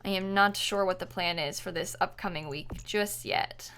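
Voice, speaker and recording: A woman's voice: lowish voice, steady tone, normal speed, a bit bright, slight background noise. A woman game streamer chatting casually with her viewers while she plays, chatty, giggly and self-deprecating. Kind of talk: casual livestream chat while playing.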